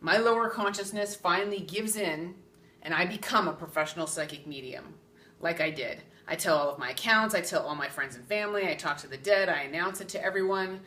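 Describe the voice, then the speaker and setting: A woman, a psychic medium, teaching in a chatty, animated way, laughing and often checking in with "okay?". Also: fairly low pitch, echoey room, recorded from a distance, slight background noise. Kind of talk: spiritual teaching talk.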